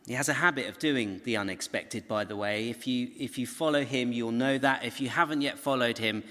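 A man's voice: medium pitch, fairly quick, pushed and bright. A man giving a recorded Bible teaching talk, telling the story conversationally with asides to his viewers. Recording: long hall reverb.

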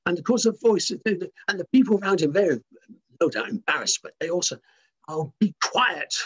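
Male preacher, fairly high and very breathy; emphatic, animated sermon delivery. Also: a little fast. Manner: animated, emphatic, with frequent restarts.

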